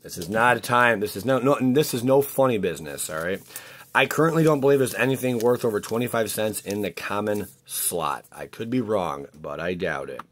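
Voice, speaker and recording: Male host, lowish voice, chatty and stammering, casual pack-opening commentary. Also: expressive, fairly quick, fairly bright tone. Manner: chatty, rambling, frequent restarts and stammers. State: voice cracking. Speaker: card-opening channel host.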